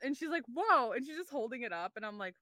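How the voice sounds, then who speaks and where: A woman co-hosting a podcast, telling a story in casual chat, animated and swearing freely as she acts out dialogue. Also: fairly high pitch, rapid-fire. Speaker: podcast co-host.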